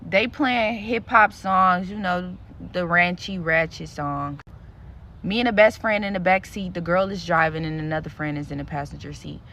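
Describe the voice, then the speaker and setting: A woman's voice: on the low side, moderate pace, a bit bright, a little hiss or hum. A woman telling a story to her viewers in a vlog, blunt and profane, with lots of animation in her delivery. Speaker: content creator.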